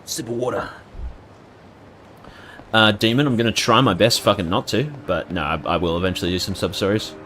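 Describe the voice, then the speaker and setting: Jokey Australian streamer, low voice. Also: male voice, fairly even intonation, a little fast, long pauses, fairly bright tone, a little hiss or hum. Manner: rambling, jokey, reads chat names aloud. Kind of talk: casual gaming commentary.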